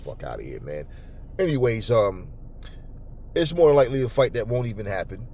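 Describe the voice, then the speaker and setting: Hosting a boxing talk channel, a man launches into an angry, unscripted, profane rant to camera at commenters, stumbling over repeated words when he gets worked up. He speaks at normal speed and later cools into calmer, lower talk.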